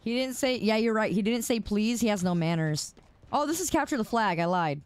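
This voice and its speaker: A woman's voice: mid-range voice, animated, fairly quick, a little hiss or hum. A woman streaming a video game, chatting casually in a teasing, giggly, sarcastic way.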